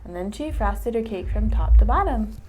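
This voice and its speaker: A woman teacher doing a read-aloud storytime, animated and chatting with a child. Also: mid-range voice, moderate pace, a little hiss or hum. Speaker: English teacher.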